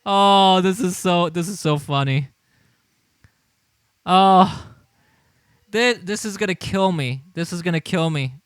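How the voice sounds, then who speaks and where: A man's voice: high voice, slow, long pauses, clean tone, no room sound, studio quality. A man hosting a casual livestream, reading replies aloud with frequent laughter, disbelief and stumbling restarts. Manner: laughing, incredulous, rambling with restarts. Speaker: livestream host.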